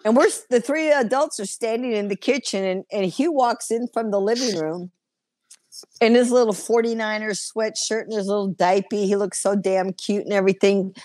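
A woman's voice: medium pitch, normal speed, darkish tone, no room sound. A woman in her fifties, a guest telling a story with lots of laughing and swearing in casual chat.

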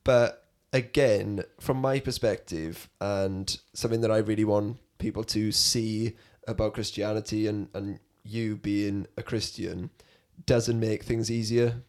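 A man's voice: on the low side, fairly even intonation, unhurried, few pauses, darkish tone. A man hosting a podcast, asking thoughtful questions in an earnest way. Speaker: podcast host. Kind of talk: casual interview.

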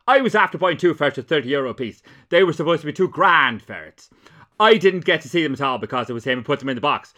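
A man voicing an angry, foul-mouthed Irish farmer, shouting and swearing as he reads a quote aloud. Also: a little high, voice pushed up. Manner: ranting, shouting, heavy swearing. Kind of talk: comic read-aloud of a quote.

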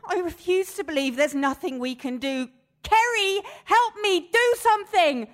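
A woman's voice: high voice, moderate pace, lightly acted. An actress playing an anxious woman trapped in a sauna, talking in a frantic, panicky way in an audio drama. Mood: panicked. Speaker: sauna customer.

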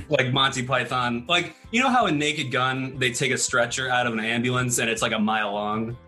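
A man on a podcast casually pitches a made-up movie plot to his co-hosts, rambling with plenty of fillers and laughing often. His medium-pitched voice is pushed and bright at a normal speed, with faint music behind him.

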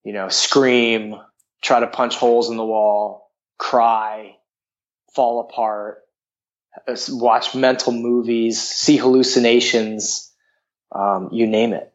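A man's voice: mid-range voice, fairly even intonation, takes it slowly, highs cut off. A man telling a personal story in a frank, rambling way, full of filler words. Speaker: guest.

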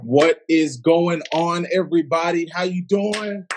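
A man's voice: on the high side, a little slow, over music. A man hosting a Bible study livestream from his phone, hyped and slangy, greeting viewers by name.

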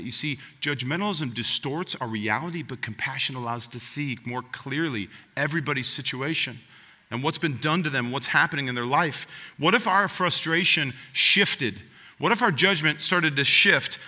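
A pastor preaching with a very bright, forceful edge to his voice. He speaks earnestly and turns straight to his listeners. His words ring out with a long reverb, as in a big hall. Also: mid-range voice, normal speed. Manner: earnest, direct address to the congregation. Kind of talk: sermon.

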